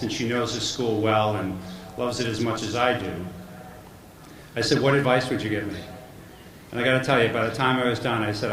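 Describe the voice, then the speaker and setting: A man's voice: mid-range voice, fairly bright tone. Middle-aged man joking at a podium. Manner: joking storyteller, self-deprecating. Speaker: commencement speaker. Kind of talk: commencement speech. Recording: echoey hall with background noise.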